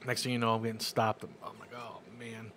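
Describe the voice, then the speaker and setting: A man's voice: on the low side, monotone, brisk, a bit bright, slight background noise. A man co-hosting a casual chat, telling a story in an easygoing, rambling way. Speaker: podcast co-host.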